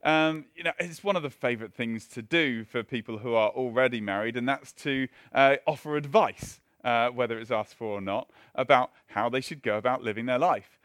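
A man's voice: mid-range voice, normal speed, few pauses, a bit bright, no echo, clean studio sound. A man preaching a sermon in a conversational way, with self-mocking asides and frequent restarts.

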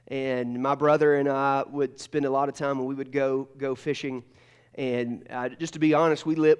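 A man's voice: mid-range voice, clean tone. A man preaching a casual, joking sermon, telling stories with lots of restarts. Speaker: pastor. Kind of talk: conversational sermon.

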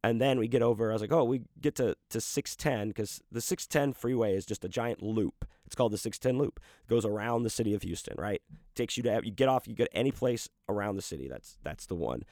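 A man with a fairly low voice tells a personal story in a loose, rambling way. He swears freely and fills his sentences with "like" and "you know". The recording is dry and close, with no room sound. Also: animated, quick pace, darkish tone, no room sound. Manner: profane, rambling, full of fillers. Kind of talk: casual anecdote telling.

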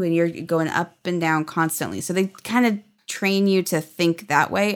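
A woman in her thirties, chatty and upbeat, telling stories as an interview guest. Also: fairly low pitch. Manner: chatty, upbeat, laughs often. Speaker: guest, former theme park character performer. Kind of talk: casual interview storytelling.

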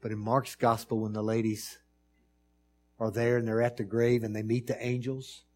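A man preaching a sermon, moving between hushed pleading and loud, emphatic storytelling with repeated rhythmic phrases. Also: medium pitch, little pitch movement, moderate pace.

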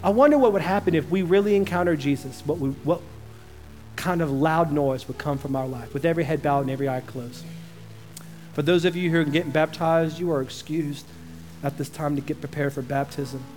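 A man pastor preaching a passionate sermon, rising to loud emphasis and dropping to slow, quiet lines. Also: on the high side, faint music behind.

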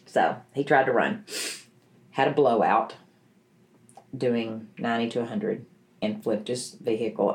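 A woman's voice: a bass voice, darkish tone. A woman, a bereaved mother telling a personal story in an interview, earnest and emotional with many restarts.

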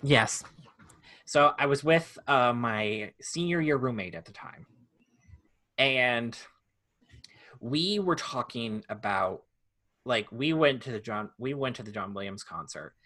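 A young man co-hosting a podcast, telling a story in a casual, animated way with frequent laughter and restarts. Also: mid-range voice, slow pace, pauses often. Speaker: podcast co-host.

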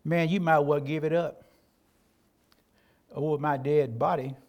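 A sneering male devil who taunts and goads his target, high-pitched and mocking, as a preacher puts him on in a sermon. The tone is scornful and accusing throughout. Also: fairly even intonation, a little slow, highs cut off. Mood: taunting. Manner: mocking, goading.

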